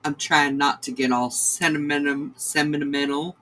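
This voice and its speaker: A woman, a crochet host chatting to her livestream viewers in a sentimental, halting way. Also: low-pitched, level tone, a bit bright, poor audio. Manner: sentimental, halting, many restarts. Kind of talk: casual livestream chat to viewers.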